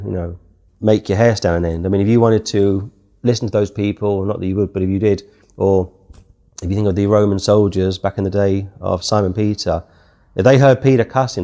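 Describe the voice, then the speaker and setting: In a fairly low, dark voice, a British-accented man teaches the Bible verse by verse, keeping his tone casual. He reads passages aloud straight from the King James text.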